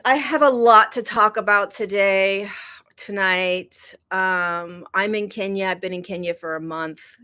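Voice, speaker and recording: A woman hosting a casual spiritual livestream, chatty, greeting viewers by name and swinging from soft to excited. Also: mid-range voice. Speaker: host. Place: indoors in Kenya.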